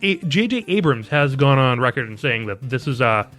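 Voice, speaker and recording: A man's voice: medium pitch, very animated, normal speed, fairly bright tone, faint music behind. A man hosting a casual podcast chat, upbeat and laughing often. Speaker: podcast host.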